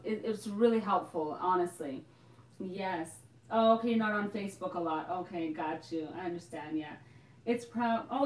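A young woman hosting a casual live Q&A, bubbly and chatty, laughing often and exclaiming as she answers viewers. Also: mid-range voice. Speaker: host of a live Q&A for a hair care shop. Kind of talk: casual live-stream chat. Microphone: phone. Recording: roomy, from a distance off the mic.

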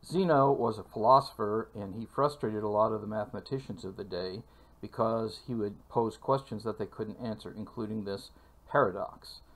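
A man teaching a calculus lecture for video, speaking in a measured way with frequent fillers and pauses. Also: fairly low pitch. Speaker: math lecturer.

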